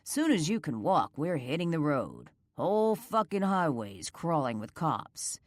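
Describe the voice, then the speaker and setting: A woman narrator voicing a smug, cruel male outlaw gang boss who speaks with a slow, calm, taunting drawl. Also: low voice, no echo, clean studio sound.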